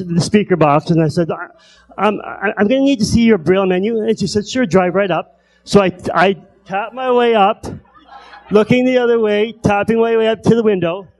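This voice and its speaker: A man doing stand-up comedy who stutters, telling stories with repeated word starts and long pauses. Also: high-pitched, darkish tone, low-quality recording. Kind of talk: stand-up storytelling.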